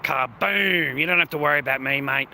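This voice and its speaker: A man's voice: a little high, a little fast, creaky, sharp tone, slight background noise. A man live streaming, ranting at his chat in a profane, sarcastic, confrontational way, outdoors on a city street.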